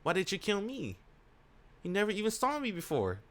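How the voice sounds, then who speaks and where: A man's voice: huge pitch swings, fairly quick, fairly bright tone, full character voice. A man voicing a playful female vampire princess as he reads a visual novel aloud, lifting his voice for her lines. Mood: astonished. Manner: raised-pitch reading of her lines.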